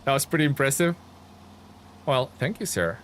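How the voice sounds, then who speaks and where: Excitable man chatting on a game stream. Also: medium pitch, moderate pace, a little hiss or hum. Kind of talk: casual live-stream chat while playing.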